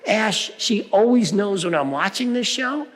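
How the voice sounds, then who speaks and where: With a high voice, lively intonation, and an unhurried pace, a reverend delivers a sermon conversationally, peppering it with "right?" to check in with his listeners. The sound carries a long hall reverb.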